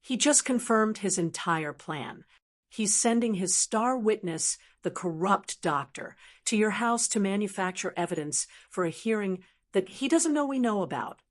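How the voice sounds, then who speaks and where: A woman reading the lines of a cold, calculating male lawyer who speaks crisply and confidently. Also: medium pitch, expressive, unhurried, close to an everyday voice.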